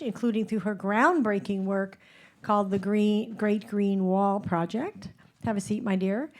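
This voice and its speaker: A woman's voice: medium pitch, darkish tone. A woman moderating a panel, introducing each guest with upbeat, gushing praise.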